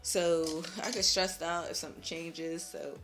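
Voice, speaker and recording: A woman's voice: sits low, flat delivery, unhurried, a bit bright, soft background music. A young woman chatting in a casual vlog while doing her makeup, chatty and slangy and laughing often. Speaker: beauty vlogger.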